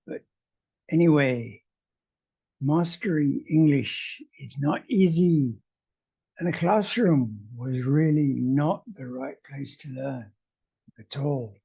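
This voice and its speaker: Slow wry english teacher guy, mellow kinda husky voice. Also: medium pitch. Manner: wry, deliberate presenter. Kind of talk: presenting a video lesson.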